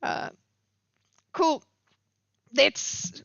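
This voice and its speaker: A woman's voice: a little high, measured pace, a bit bright, clean tone, dry recording, lo-fi sound. A woman in her thirties from Africa, giving rambling, opinionated commentary on a live stream. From South Africa.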